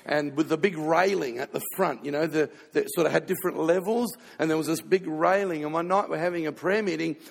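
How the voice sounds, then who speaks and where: Gravelly high-voiced preacher. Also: male voice. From Australia. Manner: storytelling, playful, quick asides. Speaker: pastor. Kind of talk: sermon with comic stories. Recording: long hall reverb.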